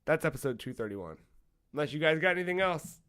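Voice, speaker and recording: A man with a slightly raised pitch hosts a laid-back gaming podcast. He jokes around and laughs often, in a loose, conversational way. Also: lively intonation, quick pace, a bit bright. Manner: joking, laughs often, wraps up the show. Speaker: podcast host. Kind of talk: casual podcast chat.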